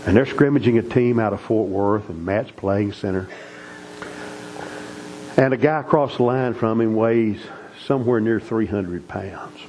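A man's voice: on the low side, warm tone, slight background noise, rough recording. A middle-aged man preaching, telling family stories in a folksy, earnest way. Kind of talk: sermon storytelling.

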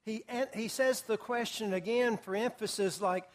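High-voiced preacher teaching verse by verse. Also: male voice, moderate pace. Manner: animated storyteller, asks the audience questions. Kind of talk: expository Bible teaching.

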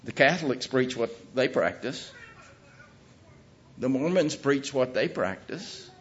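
A middle-aged man preaching a sermon in a folksy, emphatic way, with his voice rising to loud peaks. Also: mid-range voice, animated, slow. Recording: muffled lo-fi recording.

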